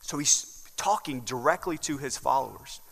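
Southern pastor preaching in a reverberant hall. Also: male voice, on the high side, expressive, normal speed, bright, forceful tone. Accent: Southern American. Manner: preaching with rising emphasis and frequent "right?" asides. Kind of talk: sermon. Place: church sanctuary. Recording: long church hall reverb.

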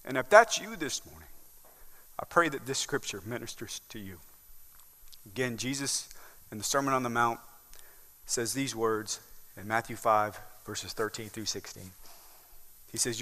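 In a church sanctuary with long hall reverb, a male pastor with a Southern American accent preaches with rising emphasis, often asking "right?" His mid-range voice has a sharp tone, a moderate pace and long pauses.

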